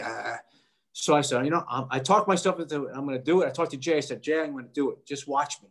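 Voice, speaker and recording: A middle-aged man, an actor guest in an interview, telling a story in a lively way and acting out the voices of people he quotes. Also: on the high side, fast talker. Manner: animated, acts out quoted voices.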